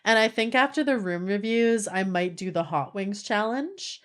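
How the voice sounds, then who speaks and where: A woman's voice: medium pitch, lively intonation, moderate pace. A woman streamer chatting casually with her live audience, playful and laughing often.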